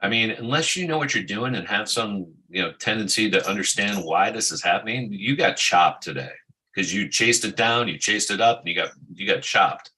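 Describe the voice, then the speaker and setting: A man's voice: fairly low pitch, expressive, moderate pace, pushed and bright, rough recording. A man co-hosting a casual markets talk show, emphatic and full of trader jargon. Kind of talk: casual chat.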